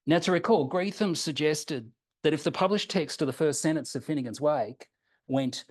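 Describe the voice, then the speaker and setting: A man presenting a prepared academic seminar paper, reading it in a measured way and slowing down deliberately for quoted examples. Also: fairly high pitch. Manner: measured, reads quotations slowly and deliberately.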